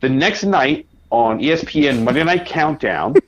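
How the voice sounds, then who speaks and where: A man, a podcast guest, telling a casual anecdote with lively quoted asides. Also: a little high, moderate pace. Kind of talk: casual storytelling. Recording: dull lo-fi audio.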